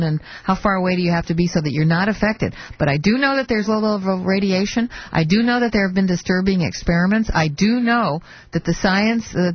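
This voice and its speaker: A woman's voice: medium pitch, slightly rough, dry recording. A woman hosting a call-in talk radio show, opinionated and firm, pushing back on callers. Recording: muffled lo-fi broadcast audio.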